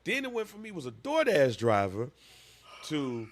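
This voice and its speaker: A man's voice: fairly high pitch, huge pitch swings, moderate pace. A man in his thirties, a podcast co-host, telling a story with lots of animation and acting out voices in casual chat.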